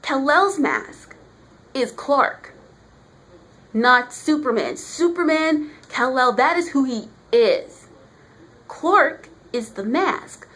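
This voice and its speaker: A woman's voice: high-pitched, big pitch swings, takes it slowly, a bit bright. A woman giving a casual, chatty vlog review of a comic book, talking with emphasis.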